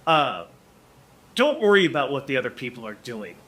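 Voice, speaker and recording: Male podcast guest, forties, animated storyteller; bright, forceful tone. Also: medium pitch, normal speed. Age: 40s. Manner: animated, acts out quotes, many restarts. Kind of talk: casual storytelling.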